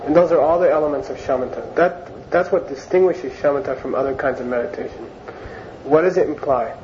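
Man teaching a relaxed Dharma class. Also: on the high side, brisk. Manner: conversational, repeats words and phrases for emphasis. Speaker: Buddhist teacher. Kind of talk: informal Dharma class lecture. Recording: dull lo-fi recording with faint hiss.

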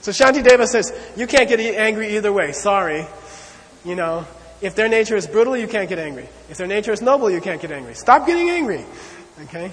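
A man teaching a lecture on Buddhist ideas, talking in an animated, conversational way and checking in often with "okay?" and "you know.". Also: high-pitched, fast talker, a little hiss or hum. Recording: long hall reverb.

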